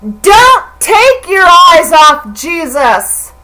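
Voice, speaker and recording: A woman's voice: very high-pitched, very animated, very slow, pushed and bright, poor audio. A middle-aged woman talking straight to the camera in an emotional, rambling religious monologue, stammering and repeating herself as she goes. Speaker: vlogger.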